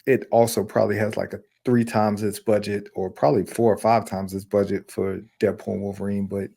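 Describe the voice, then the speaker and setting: A man's voice: lowish voice, little pitch movement, fairly quick, vocal fry, mellow. A man on a film review panel, earnestly laying out his argument point by point. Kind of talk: casual film review chat.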